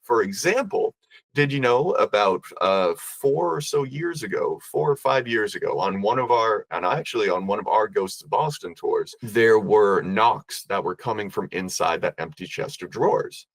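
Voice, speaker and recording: A man's voice: fairly low pitch, lively intonation, creaky, no room sound. A man voicing an arrogant hotel guest who brags nonstop and talks a mile a minute. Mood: boastful. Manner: boastful, rapid-fire bragging.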